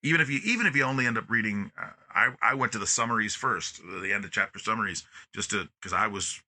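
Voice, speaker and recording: A man talking as a podcast guest in casual conversation, very expressive, constantly stressing and softening words. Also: lowish voice, fast. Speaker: podcast guest, music educator.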